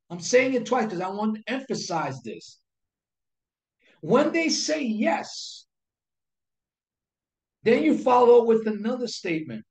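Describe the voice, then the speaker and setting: A man with a high-pitched, darkish voice teaches sales technique in an instructional talk to camera. Recorded in an echoey room, he speaks emphatically, repeats his key phrases and poses rhetorical questions.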